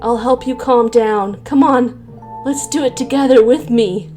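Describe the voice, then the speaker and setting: A woman's voice: fairly high pitch, a little slow, a little mellow, faint music behind, close to an everyday voice. Woman reading as a soothing AI boyfriend. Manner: soothing, cheery, reassuring. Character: gentle male AI boyfriend in a phone app.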